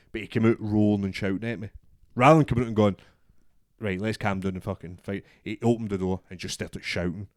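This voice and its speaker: A young man with a Scottish accent and a lowish voice tells a story in casual chat, swearing freely. He acts out every voice in the exchange himself. The sound is dry and close. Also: a little mellow, no room sound. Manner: swears a lot, acts out both sides of a story. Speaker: podcast co-host.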